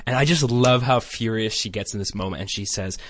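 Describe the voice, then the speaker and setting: A man's voice: lowish voice, fairly quick, no room sound. A man co-hosting a podcast, recapping a cartoon episode with wry joking asides. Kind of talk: casual recap narration.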